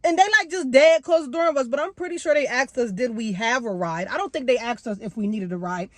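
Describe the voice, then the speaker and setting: A young woman vlogger telling a story casually, animated and slangy, with big jumps in pitch. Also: fast, dry recording.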